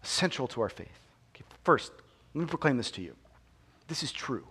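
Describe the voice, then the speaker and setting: A man preaching a sermon as pastor. He drops to hushed near-whispers and then climbs to loud, emphatic proclamation, repeats phrases and asks the congregation rhetorical questions. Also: mid-range voice, very animated, a little fast, long pauses, breathy edge.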